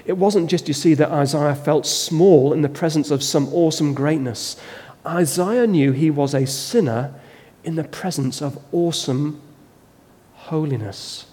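A man preaches a sermon with a somewhat raised pitch, leaning into a story at a very slow, deliberate pace. His voice rings out through a large hall with long reverb. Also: a little mellow. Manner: slow, dramatic storytelling delivery.

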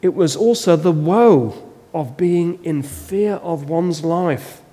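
A man preaches a sermon with a somewhat raised pitch, leaning into a story at a very slow, deliberate pace. His voice rings out through a large hall with long reverb. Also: dark tone. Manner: slow, dramatic storytelling delivery.

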